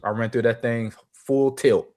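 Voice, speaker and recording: A man's voice: medium pitch, unhurried. A man in his forties, a former football player, animatedly telling stories as a podcast guest. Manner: animated, acts out quotes. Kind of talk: casual storytelling chat.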